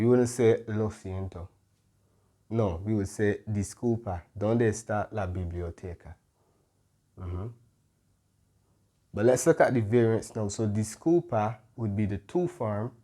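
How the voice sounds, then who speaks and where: A man with a dark, mellow voice explains Spanish expressions in a slow, patient lesson. He drifts along at an easy pace and checks in with listeners often. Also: fairly low pitch. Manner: unhurried, repeats "right?" and "mm-hmm". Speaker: Spanish tutor. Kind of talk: explaining Spanish phrases in English.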